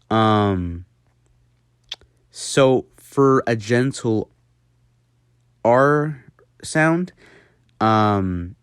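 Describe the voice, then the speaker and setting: A man's voice: lowish voice, smooth, no room sound, clean studio sound. A young man teaching an in a casual home video lesson, rambling and self-mocking with many fillers. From United States. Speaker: host teaching an accent.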